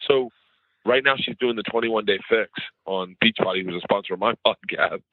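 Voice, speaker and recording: A middle-aged man, a comedian guest at home, telling rambling, animated stories in a casual interview. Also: lowish voice, moderate pace, no echo. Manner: rambling, animated storyteller who mimics others in conversation. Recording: tinny phone-like line.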